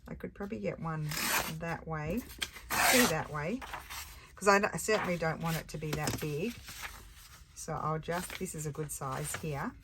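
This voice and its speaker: An older Australian woman with a low voice talks through a craft project at her table, chatty and easily sidetracked. She sounds tired. Steady noise runs under the recording. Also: normal speed. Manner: chatty, easily distracted, thinks aloud while working. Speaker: craft channel host. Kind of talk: casual crafting chat.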